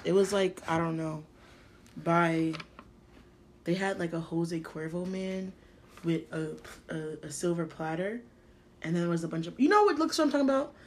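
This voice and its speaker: A woman's voice: lowish voice, moderate pace, slight background noise. A woman co-hosting a casual podcast, rambling and searching for her words. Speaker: podcast co-host. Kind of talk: casual chat.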